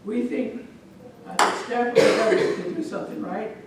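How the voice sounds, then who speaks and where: A middle-aged woman from Omaha telling a folk tale live to an audience, lively and chatty, with asides to the crowd. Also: on the high side, moderate pace. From Omaha, Nebraska. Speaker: storyteller. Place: large event hall. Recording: echoey hall from far off.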